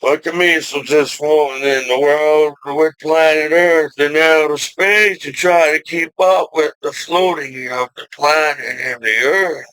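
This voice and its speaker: A man in his forties from the United States, talking slowly in a rambling vlog monologue full of "you know" fillers, with sudden loud outbursts. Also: fairly high pitch, fairly even intonation, smooth, no room sound, low-quality recording. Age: 40s. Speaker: vlogger.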